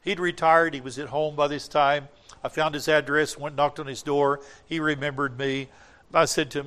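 An older man preaches a sermon, sharing a personal testimony earnestly, building to emphatic points and then dropping into quiet asides. His voice is fairly high, with little pitch movement, at a normal speed.

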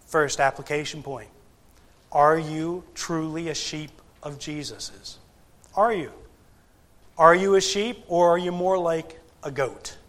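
A male preacher delivers a sermon in an unhurried, measured cadence, leaving long pauses between phrases. His voice sits a little higher than most men's, and he leans on rhetorical questions to press his points home. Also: fairly bright tone. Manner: deliberate, emphatic, with frequent pauses and rhetorical questions. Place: church gathering.

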